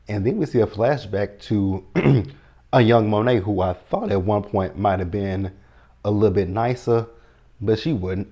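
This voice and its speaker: Man in his thirties, recap host, lowish voice, blunt and cussing, loose chatty delivery. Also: mellow. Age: 30s. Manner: blunt, profane, sassy retelling. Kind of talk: casual recap chat.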